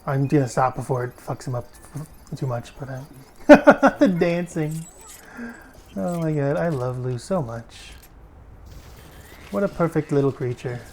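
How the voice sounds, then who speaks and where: A man giving casual gameplay commentary as a streamer. He chats freely, swears often and breaks into sudden loud exclamations. He talks while sitting in a desk chair at home. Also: a little high, expressive, unhurried, pauses often, slight background noise. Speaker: gaming streamer.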